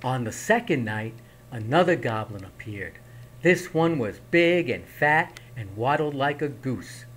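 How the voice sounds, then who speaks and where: A man reading a picture book aloud in a slow, expressive storytelling manner. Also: mid-range voice. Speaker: reader.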